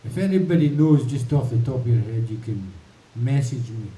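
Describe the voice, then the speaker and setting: A man's voice: medium pitch, expressive, moderate pace, dark tone. A man hosting a livestream from his home, chatting casually and thinking aloud between songs. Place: home in the mountains. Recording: roomy, distant mic, faint hiss.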